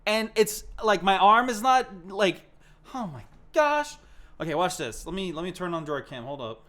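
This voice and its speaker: A young man casually chatting on a live stream from his home setup, gushing and excitable and swearing freely. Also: high voice, normal speed.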